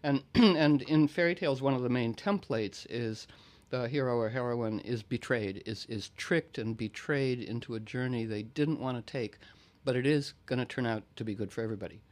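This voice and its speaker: A man hosting a relaxed talk, musing his way through ideas with many restarts and the odd throat-clear. His voice sits at an ordinary middle pitch, steady and unforced. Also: normal speed. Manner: discursive, reflective, often clears throat. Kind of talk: casual conversation.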